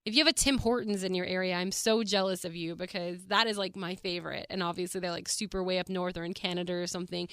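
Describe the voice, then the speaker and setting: Young woman rambling on her podcast, bright and crisp, dry close sound, lots of likes and swearing. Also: lowish voice, fast, few pauses, no echo. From Texas. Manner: chatty, animated, swears freely, heavy use of "like". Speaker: podcast host. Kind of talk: casual solo podcast chat.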